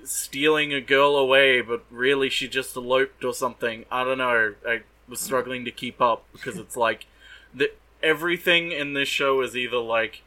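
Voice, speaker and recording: Podcast co-host, man, bright tone, dry mocking recap style. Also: medium pitch, fairly even intonation, moderate pace, poor audio. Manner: sardonic, swears, mock-voices characters. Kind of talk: casual recap chat.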